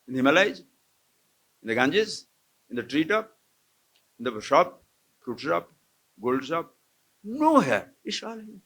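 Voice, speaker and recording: Animated swami lecturing. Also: male voice, a little high, unhurried, long pauses, breathy edge. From India. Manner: animated, questioning, playful, chuckles often. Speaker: swami teaching scripture. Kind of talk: live spiritual discourse to a camp audience. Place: lecture hall at an ashram camp.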